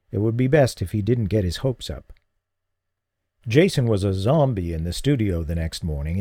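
Male audiobook narrator, steady and even, with a warm, dark tone; dry, close recording. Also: on the low side, no room sound. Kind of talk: scripted narration.

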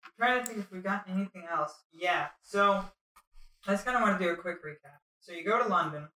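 A young woman from Minnesota hosting a casual interview, joking with quick asides. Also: mid-range voice, sharp tone. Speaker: podcast host. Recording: roomy and distant.

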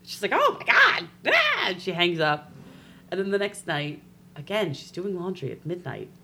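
A woman co-hosting a local podcast, chatting casually and telling jokes with animated delivery. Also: fairly low pitch, moderate pace, creaky, slight background noise. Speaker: podcast co-host. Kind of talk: casual chat.

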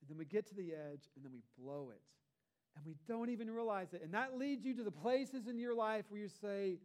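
A man's voice: sits high, animated, brisk, darkish tone. A man, a pastor, preaching a sermon in a conversational way, with rhetorical asides to the congregation.

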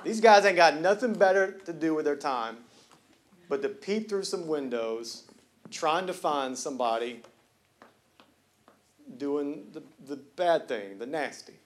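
A high-pitched male pastor delivering a sermon in a church. He talks in a loose, joking, conversational way, then rises into loud, emphatic preaching. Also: measured pace, long pauses. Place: church sanctuary.

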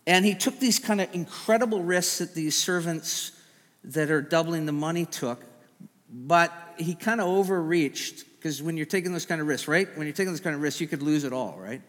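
A middle-aged man preaching in a church sanctuary, his voice sitting a little high for a man. He is lively and stumbles through quick restarts. A long hall reverb trails after every phrase. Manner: animated, stammering restarts, acts out quoted voices. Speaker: pastor. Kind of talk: sermon.

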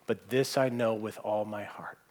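A man preaching a sermon, earnest, pressing points hard and then dropping to a hushed voice. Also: lowish voice, steady tone, moderate pace. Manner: earnest, swings from emphatic to hushed. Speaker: pastor.

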